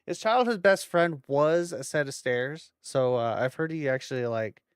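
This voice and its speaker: A man's voice: a little high, normal speed, clear, resonant tone, no room sound. A young man casually commenting on a video as he watches it, joking and swearing a lot. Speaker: streamer reacting to a video.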